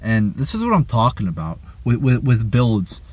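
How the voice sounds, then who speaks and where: A man's voice: mid-range voice, huge pitch swings, moderate pace, a little mellow. Swearing, stammering ranting man. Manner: angry, swearing, stammers and repeats words. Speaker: wrestling show reviewer. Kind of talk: profane review rant.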